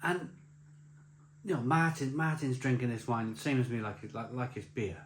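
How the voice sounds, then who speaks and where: A man's voice: medium pitch, normal speed, a little hiss or hum. Rambling male storyteller in an echoey room. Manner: rambling, laughing storyteller with many restarts. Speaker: beer vlogger telling a story. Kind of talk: casual anecdote. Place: beer festival. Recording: roomy echo with faint ambience.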